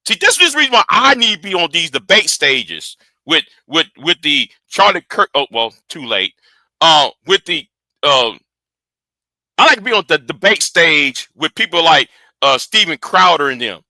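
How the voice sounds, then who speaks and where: A man hosting a livestream argues his points in a high, lively voice that swoops up and down. His tone is very bright and cutting, and the sound is close and dry with no room around it. He talks straight to his viewers. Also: moderate pace, no room sound. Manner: animated, argumentative, talks straight to his audience. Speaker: livestream host. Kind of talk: livestream commentary.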